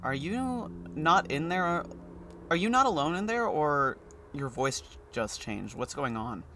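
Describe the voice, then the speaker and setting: A calm, skeptical doctor from a video game asks pointed questions, read aloud by a man close to his own voice. The delivery is dry and measured. Faint background noise sits under it. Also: a little high, pitched above the performer's own voice, heavily acted. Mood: wary.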